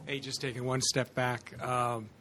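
A man's voice: mid-range voice, flat delivery, measured pace, pushed and bright, a little hiss or hum. A man at a live podcast taping, thanking the hosts enthusiastically. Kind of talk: casual chat.

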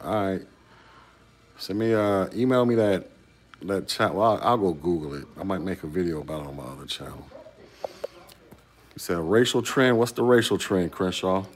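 A man hosting a casual YouTube talk, answering a viewer's comment with rhetorical questions. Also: deep voice.

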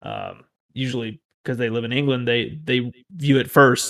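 Rambling dad on a podcast. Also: male voice, mid-range voice, huge pitch swings, moderate pace, vocal fry, hardly any pauses, fairly bright tone. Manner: rambling, self-correcting storyteller. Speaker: podcast co-host. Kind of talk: casual chat.

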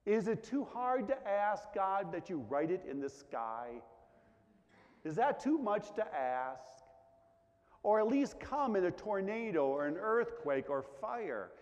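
A man preaching a sermon, asking many questions and dropping to a hush on the quiet lines. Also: high voice, big pitch swings, takes it slowly. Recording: dull sound with long reverb in a large hall.

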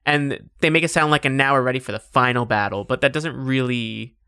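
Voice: medium pitch, brisk, clean tone, no room sound, clean studio sound. A let's play host chatting casually and wryly while playing, laughing often. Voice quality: bright, wry, laughs often. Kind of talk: casual gameplay chat.

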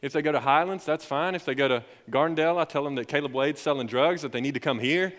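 A young man preaching as a youth pastor, telling stories in a lively, rising way. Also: a little high, fast. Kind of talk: sermon. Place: church sanctuary. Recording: long hall reverb.

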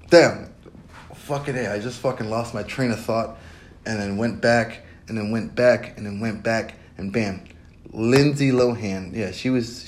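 Rambling, foul-mouthed man laughing often. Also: fairly low pitch. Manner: rambling, heavy swearing, frequent laughter. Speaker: podcast host. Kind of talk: casual profane monologue.

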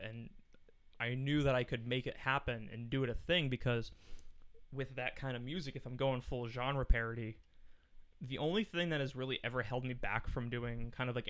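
A man's voice: mid-range voice, a bit bright, smooth. A man in his twenties, a musician guest on a podcast, talking casually in long rambling stories with lots of swearing and laughing. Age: 20s. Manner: rambling, profane, laughs often.

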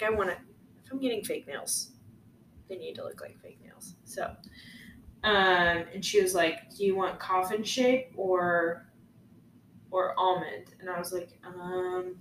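A young woman co-hosting a podcast, telling a story in a casual, chatty way with lots of "like". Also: on the low side. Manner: chatty, lots of "like", animated retelling. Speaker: podcast co-host. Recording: echoey room, faint noise.

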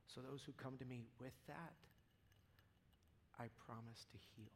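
A man preaching a casual, impassioned sermon to a church audience, dropping to near-whispers and then rising to loud, fervent peaks. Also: mid-range voice, steady tone, unhurried, pauses often, a little hiss or hum. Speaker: pastor.

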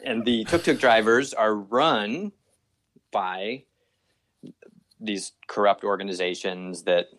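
A man telling a travel story in casual chat, animated and full of "like" and acted-out quotes. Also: fairly low pitch, slow pace, pauses often, no room sound. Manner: animated, acts out voices, many fillers.

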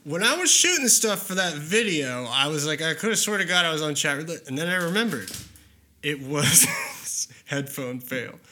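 Guy hosting a podcast, super bright voice, kinda high, rambly and swears a lot. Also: expressive, normal speed, a little hiss or hum. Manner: profane, rambling, laughs often. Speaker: podcast host. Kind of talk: casual podcast banter.

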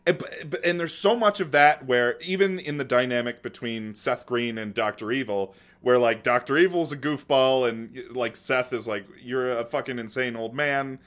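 A man's voice: medium pitch, normal speed, hardly any pauses, a bit bright. A man co-hosting a casual movie podcast, eagerly chiming in with enthusiastic comments. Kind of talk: casual movie-discussion chat.

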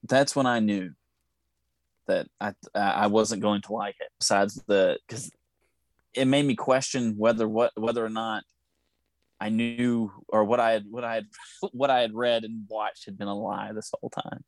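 A man's voice: fairly low pitch, fairly even intonation, moderate pace, no echo. A man with a Southern US accent chatting casually on a podcast, rambling and trailing off mid-thought. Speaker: podcast co-host. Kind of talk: casual chat.

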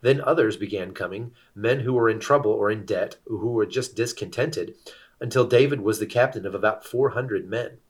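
A man reading scripture aloud as scripted narration, steady and measured. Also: on the low side. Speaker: scripture reader.

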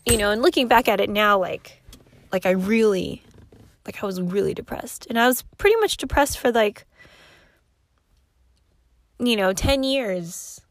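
A woman's voice: medium pitch, measured pace, long pauses, no room sound. A woman in her thirties telling a casual, rambling story, full of fillers and swearing. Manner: rambling, profane and animated, with many fillers. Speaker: vlogger.

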